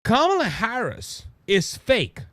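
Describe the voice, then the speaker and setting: A man with a Cajun Louisiana accent hosting his own show, giving animated, mocking political commentary full of restarts and asides. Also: very high voice, slow pace, no echo. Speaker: podcast host.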